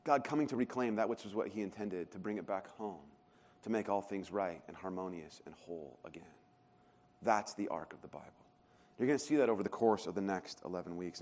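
A man's voice: on the low side, a little mellow. A man in his thirties preaching a sermon as a pastor, telling stories in a conversational, self-deprecating way. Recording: long hall reverb.

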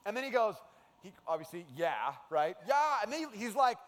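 A man preaching a sermon as a pastor, in an animated, conversational way. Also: high voice, fast talker. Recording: long hall reverb.

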